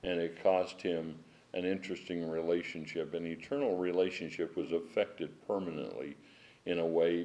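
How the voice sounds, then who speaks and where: Middle-aged guy giving a bible study at home, lowish voice a bit strained, gets worked up and emphatic, chuckles at himself. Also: muffled recording. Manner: animated, emphatic, chuckling asides. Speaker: Bible teacher. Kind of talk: informal Bible study sermon. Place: at home with dogs.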